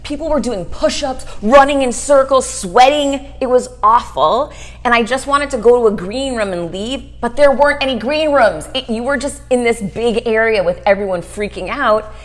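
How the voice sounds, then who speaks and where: A middle-aged woman guest telling a story fast and animated in an interview, acting out quotes as she goes. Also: a little high. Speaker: guest, author and speaker.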